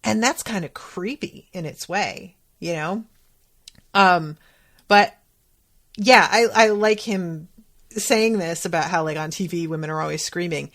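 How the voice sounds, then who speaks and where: A woman hosting a podcast, casually recapping a TV episode in a chatty, candid way and acting out quotes with sudden pitch jumps. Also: unhurried, fairly bright tone.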